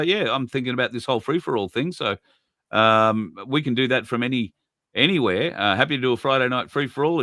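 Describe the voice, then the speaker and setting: A man's voice: fairly low pitch, bright, forceful tone, dry recording. An Australian man hosting a live stream in a rambling, chatty way, laughing often. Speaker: host. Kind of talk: casual live-stream chat.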